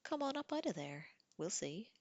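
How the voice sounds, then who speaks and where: A woman's voice: mid-range voice, big pitch swings, normal speed, a little mellow, no room sound, voice pushed up. A woman voicing a playful, confident young woman who talks in a coaxing, teasing way, as in an audiobook reading.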